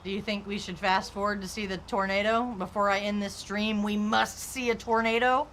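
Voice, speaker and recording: A woman's voice: mid-range voice, flat delivery, normal speed, fairly bright tone, slight background noise. Rambling young woman streamer. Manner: rambling, candid, heavy use of "like". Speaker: live streamer. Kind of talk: casual stream chat while gaming.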